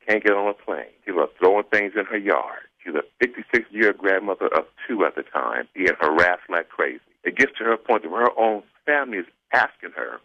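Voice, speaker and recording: A man's voice: sits low, no echo, highs cut off. A man from South Central Los Angeles, a radio guest telling a personal story and acting out the quoted dialogue. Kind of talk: storytelling interview.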